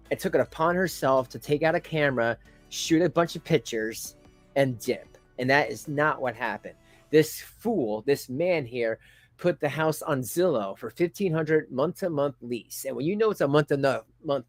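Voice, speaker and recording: A man hosting a casual commentary stream. He talks at a mid pitch, rambling and restarting his sentences. Now and then he flares into a loud, angry rant, with faint music playing underneath. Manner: rambling, stammering restarts, calls out "folks", flares into loud rants. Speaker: YouTube commentary host.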